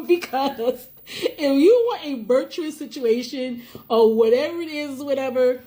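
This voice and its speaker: A woman chatting casually about a reality show, animated, laughing often and acting out what people said. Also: high-pitched, measured pace. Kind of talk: casual reaction chat.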